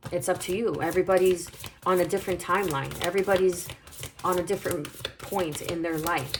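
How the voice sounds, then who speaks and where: Low-voiced woman giving a tarot reading. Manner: soothing, reflective, repeats phrases, pulls cards aloud. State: hiccuping. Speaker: tarot reader.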